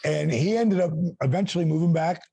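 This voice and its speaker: A middle-aged man and former wrestler telling an animated story, acting out quotes with big voice swings. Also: a little high, brisk, a little hiss or hum. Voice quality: gravelly.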